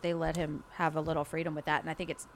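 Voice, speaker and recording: A woman in her thirties co-hosting a podcast, recapping a TV show in casual, animated chat. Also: low-pitched, fast. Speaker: podcast co-host.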